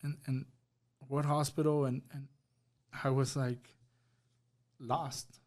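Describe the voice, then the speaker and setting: A man's voice: mid-range voice, little pitch movement, takes it slowly, darkish tone. A man sharing a personal testimony on a podcast, telling of a loss with emotion and acting out what each person said. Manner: emotional storytelling, acts out dialogue. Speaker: podcast guest.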